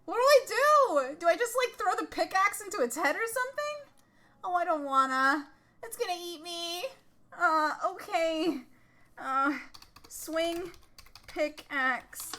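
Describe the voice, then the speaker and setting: A woman streamer playing a text adventure game live, reading it out and reacting in an excitable, dramatic way with lots of swearing. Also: very high-pitched.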